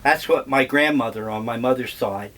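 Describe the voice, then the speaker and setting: An older man reminiscing in a slow, rambling, wryly humorous monologue. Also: medium pitch, a bit bright. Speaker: vlogger.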